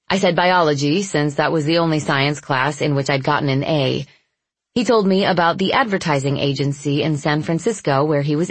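Husky low woman reading a novel aloud in first person, steady even delivery, dry close mic. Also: dry recording. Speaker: audiobook narrator.

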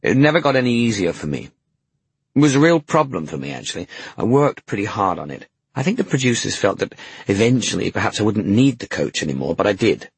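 A man's voice: on the low side, very animated, a little fast, slightly rough, dry recording. An English man recalling his work in a frank, wry interview manner, swearing casually. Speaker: actor interviewee. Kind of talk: candid interview recollection.

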